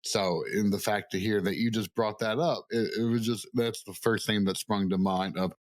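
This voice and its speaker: Male podcast host, lower voice, dry close sound, chatty and animated storyteller. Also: normal speed, no echo, low-quality recording. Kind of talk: casual podcast chat.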